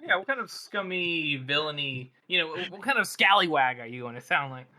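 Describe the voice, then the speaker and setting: A fairly high, very bright male voice talks quickly. He co-hosts a book podcast and teases the others in casual back-and-forth. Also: lively intonation. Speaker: podcast co-host.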